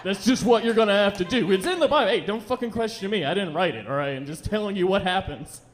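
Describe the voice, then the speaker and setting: A young man rambles through a profane stand-up set on a comedy club stage, his voice sitting high. He jumps between storytelling and quick acted-out voices, talking loosely into a handheld mic. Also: lively intonation.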